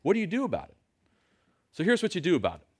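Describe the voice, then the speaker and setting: Lively conversational male preacher. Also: high-pitched, very fast, husky. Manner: lively, conversational, rhetorical questions. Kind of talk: sermon. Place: church.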